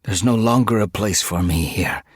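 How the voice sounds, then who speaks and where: A terrified she-cat begs for help in a high, wailing voice, as a man reads her part in an audiobook. She whimpers and pleads, breathy and shaken. The sound is close and dry. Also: lively intonation, normal speed, no echo. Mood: anxious. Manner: whimpering, begging. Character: frightened female cat, pleading, badly hurt. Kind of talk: audiobook character voice.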